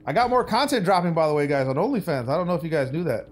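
A young man streaming a game, chatting loosely with his viewers in slangy banter that swings from hype to low mutters. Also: sing-song, very fast. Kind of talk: casual gaming stream commentary.

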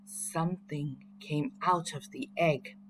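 A woman reading a children's story aloud in a clear, expressive way. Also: deep voice, slow pace, a little hiss or hum.

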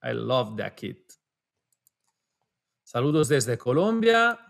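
A man's voice: mid-range voice, big pitch swings, gravelly, fairly bright tone. Male webinar co-host, reads viewer messages in a friendly multilingual way, video call audio. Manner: reads out names and greetings, drifting between languages, quick to laugh.

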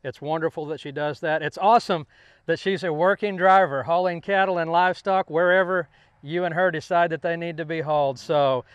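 A man hosting a live-stream trucking show, chatting with guests and pitching a contest in upbeat, folksy promotional patter. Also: steady tone, brisk, highs cut off. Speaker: host.

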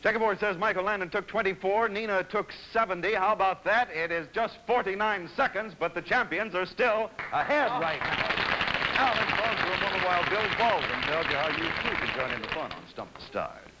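A man hosting a 1960s television game show, bantering quickly and joking with the players. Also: high-pitched, expressive, very noisy. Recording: 1960s TV studio audience. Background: studio audience.

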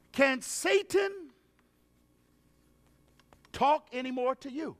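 High-voiced preacher in a reverberant hall. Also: male voice, very animated. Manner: call-and-response preaching, drawn-out phrasing, bursts of shouting. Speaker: evangelist preacher. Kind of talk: revival sermon. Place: large revival hall.

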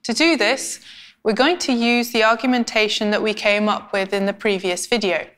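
Woman, writing instructor, scripted explainer, clear measured delivery, mid-pitched voice. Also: steady tone, fairly bright tone. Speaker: language instructor.

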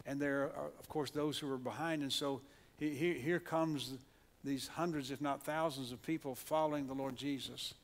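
A pastor preaches in a church sanctuary with an Oklahoma accent, his mid-range voice fairly even in intonation and moderate in pace, with few pauses. He speaks earnestly, restarting often and repeating words, and leads call-and-response with the congregation.

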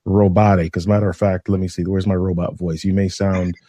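A man guesting on a podcast as a communication trainer, explaining things in a measured way with deliberate pauses. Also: low voice, flat delivery, dark tone, no echo. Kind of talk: instructive podcast conversation.

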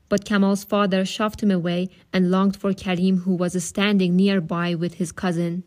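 A woman reading a novel aloud in a calm, steady, audiobook style, with occasional asides of her own. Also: medium pitch.

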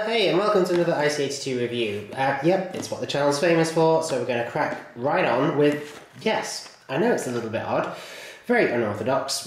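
A man chatting enthusiastically as he reviews a model train, with rambling asides. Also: medium pitch. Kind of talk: casual hobby video review. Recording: very echoey room, faint noise.

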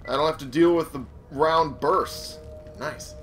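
A man's voice: a little high, measured pace, fairly bright tone, soft background music. A man giving casual let's play commentary, swearing and chuckling to himself. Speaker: gamer.

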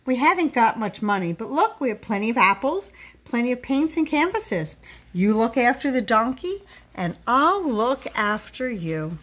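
A woman voicing a big, bearded painter who speaks gently and patiently to his son, in a lively storybook reading. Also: fairly high pitch, moderate pace. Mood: gentle. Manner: soft, patient and kindly.

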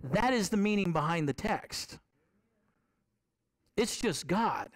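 A male preacher with a high voice that swings widely as he preaches. He talks to the congregation like in a conversation, keeps asking them questions and repeats phrases for emphasis. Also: takes it slowly. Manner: animated, conversational, asks the congregation rhetorical questions. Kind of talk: sermon.

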